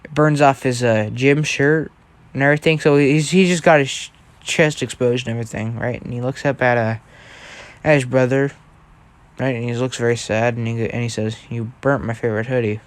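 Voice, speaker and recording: A man's voice: mid-range voice, steady tone, normal speed, smooth. Rambling man making up a story. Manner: rambling, constantly checking in with "right?"; changes details mid-thought. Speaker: fan storyteller. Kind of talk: improvised casual storytelling.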